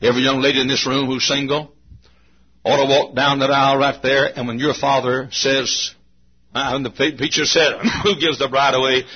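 Husky folksy preacher. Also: male voice, little pitch movement, normal speed. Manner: folksy, swings from low asides to shouting. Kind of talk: sermon. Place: church. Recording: muffled lo-fi recording.

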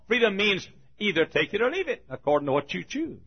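A man's voice: high voice, very animated, fairly quick, husky, highs cut off. An older man in his seventies, preaching a folksy sermon full of stories, often chuckling.

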